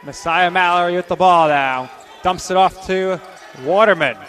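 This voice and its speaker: Bright-voiced man calling basketball play-by-play. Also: high-pitched. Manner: rapid-fire calls, bursts of excitement on scores. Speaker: play-by-play announcer. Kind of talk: live basketball play-by-play commentary.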